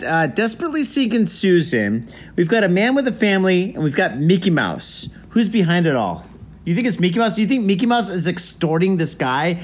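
Animated, joking man on a podcast. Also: sits high. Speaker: guest. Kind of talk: casual podcast chat.

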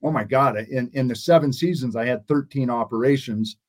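A man's voice: mid-range voice, fairly quick. A man in his sixties, a guest in an interview, telling stories in a rambling way and often restarting his sentences. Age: 60s. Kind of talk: casual interview storytelling.

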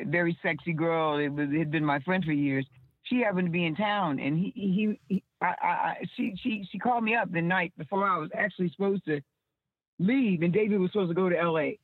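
A woman's voice: lowish voice, fairly quick, slightly rough, no echo. A woman telling stories as an interview guest, rambling and restarting her words over a phone line. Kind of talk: casual storytelling. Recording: tinny dry phone line.

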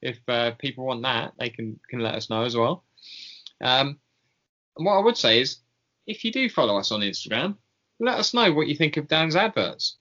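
Bright-voiced rambling podcast host. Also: male voice, medium pitch, very animated, moderate pace, dull audio. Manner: rambling, filler-heavy, laughing at himself. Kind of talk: casual podcast sign-off.

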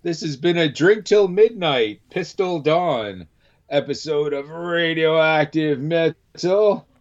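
A man's voice: fairly high pitch, takes it slowly, highs cut off. A man hosting a podcast, laid-back and chuckling as he signs off the episode. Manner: laid-back, laughing agreement. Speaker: podcast host. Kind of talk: casual podcast sign-off.

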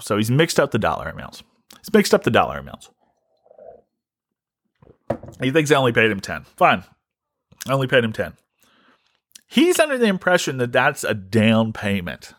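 Podcast guy ranting wryly about his week, middle pitch, dead dry sound. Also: a bit bright, no room sound. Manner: exasperated, wry, repeats himself. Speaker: podcast host. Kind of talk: comic storytelling rant.

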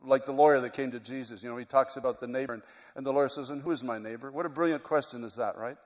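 A man preaching a sermon, moving from quiet, reflective teaching to loud, impassioned preaching. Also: mid-range voice, fairly even intonation, fast. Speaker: pastor. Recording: long hall reverb.

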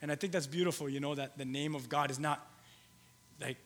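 A male pastor preaches a sermon in a steady tone, swinging between loud, emphatic lines and soft, low storytelling. He halts, restarts, and repeats phrases. A long hall reverb fills the recording.

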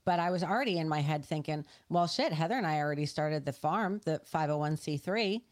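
A woman with a fairly low voice for a woman. She co-hosts a casual podcast and explains things earnestly, circling back and restarting as she goes. Her tone stays conversational and sincere. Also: a little fast. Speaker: podcast co-host.

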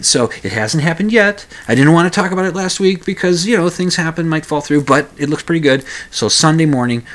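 A man's voice: mid-range voice, fairly bright tone. A man hosting his own radio talk show, rambling casually with many hesitations, fillers and restarts.

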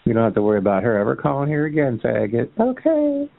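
A man's voice: rapid-fire, vocal fry. A man calling into a chat line, trading insults and taunts in a heated argument. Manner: taunting, mocking, swinging into a shrill sneer. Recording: tinny phone line.

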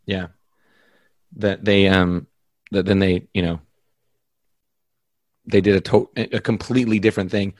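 Halting low-voiced man, teasing. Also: fairly even intonation, a little mellow, dry recording. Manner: halting, searches for words, teasing. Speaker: podcast co-host. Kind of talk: casual chat.

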